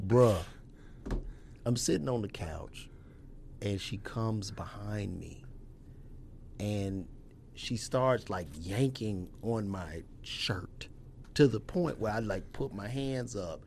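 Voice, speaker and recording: A young man, hosting a casual podcast chat and telling stories in an animated, profane way. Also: slow pace, gravelly, long pauses, slight background noise. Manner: animated storyteller, acts out voices with loud jumps in pitch, profane.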